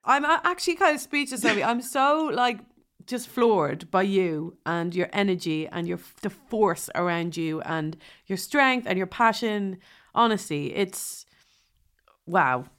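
A woman hosting an interview, asking questions and responding warmly and supportively to her guest. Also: mid-range voice, unhurried. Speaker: host.

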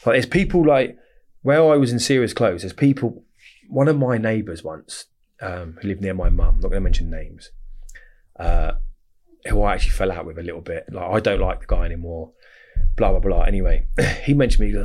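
Essex guy, low husky voice, rattles off stories quickly, swears a lot. Brief: guest telling tales on a podcast. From England. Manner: fast, animated storytelling with heavy swearing. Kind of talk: storytelling interview.

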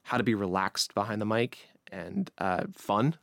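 A man from Long Island with a faint accent, talking casually as a podcast guest, relaxed and chatty with frequent restarts. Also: fairly low pitch, normal speed, gravelly, no echo, clean studio sound. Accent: light Long Island. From New York, Long Island. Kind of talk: conversational interview.

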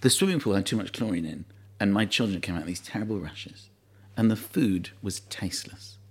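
A man's voice: fairly low pitch, lively intonation, a little fast, slightly rough. Playful London man spinning stories. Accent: London English. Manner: playful, mock-grand storytelling. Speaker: dinner guest. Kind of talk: casual chat over dinner.

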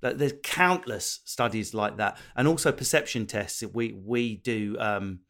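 A man's voice: lowish voice, measured pace. A man from England with an Essex accent, a comedian and podcast host chatting casually, swearing freely and acting out voices. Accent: Essex English. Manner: animated, swears freely, acts out voices mid-story. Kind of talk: casual chat.

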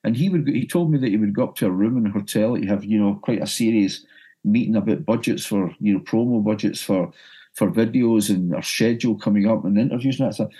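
Glaswegian man telling a lively anecdote. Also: fairly low pitch, a little fast, husky. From Scotland. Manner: animated, repeats words when excited. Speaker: broadcaster and music journalist guest. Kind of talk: anecdotal storytelling.

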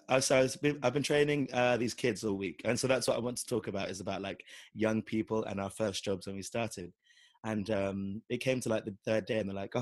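A man with a husky voice hosting a casual podcast chat, teasing his co-host in quick banter. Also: lowish voice, dry recording, clean studio sound.

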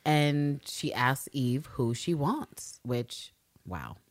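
Woman, low voice, podcast co-host, casual recap, profane, animated, acts out lines. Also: extremely slow. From New York City.

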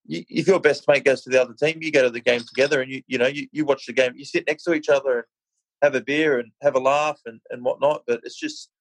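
Gravelly Australian man, laid-back. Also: medium pitch, no echo, rough recording. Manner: laid-back, says mate a lot. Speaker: podcast guest. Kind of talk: casual chat.

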